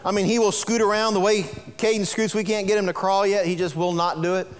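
A man preaching a sermon as a pastor, animated and rising toward near-shouting, laughing at his own stories, in a church sanctuary. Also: sits high, a little fast. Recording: long reverb in a large hall.

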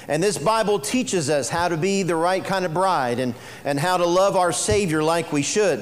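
Higher-voiced preacher in a reverberant church. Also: male voice. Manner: folksy preaching, mixing jokes with earnest teaching. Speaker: pastor. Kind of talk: sermon. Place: church sanctuary.

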